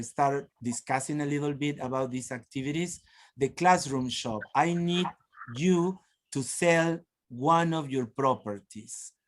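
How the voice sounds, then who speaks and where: Slow encouraging male teacher trainer. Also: mid-range voice. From Peru. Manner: encouraging, frequent laughs and prompts. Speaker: teacher trainer presenting a webinar. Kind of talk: lively workshop teaching.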